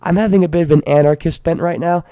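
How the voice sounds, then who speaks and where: A man's voice: fairly high pitch, steady tone, fast, dry recording, narrow, tinny audio. A teenage boy ranting sarcastically in a mock-grandiose way, often stammering and restarting his words. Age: teens. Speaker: student ranting to camera. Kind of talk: comedic rant monologue.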